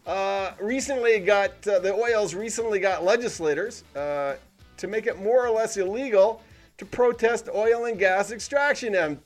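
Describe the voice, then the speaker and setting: A man hosting a weekly commentary show, talking in a sarcastic, cynical tone with animated emphasis. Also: high voice. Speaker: podcast host. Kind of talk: sardonic commentary monologue.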